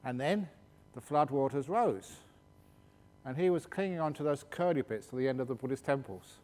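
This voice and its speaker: A man, a meditation teacher, answering questions at a retreat in a jokey, animated storytelling manner. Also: medium pitch, moderate pace. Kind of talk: retreat Q&A talk. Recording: reverberant hall.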